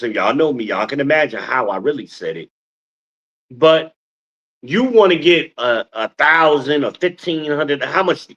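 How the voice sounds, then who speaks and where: A middle-aged man hosting his own stream, talking in an animated, scolding, preacher-like way. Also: mid-range voice, slightly rough, highs cut off. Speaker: podcast host. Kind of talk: casual streamed monologue, preaching.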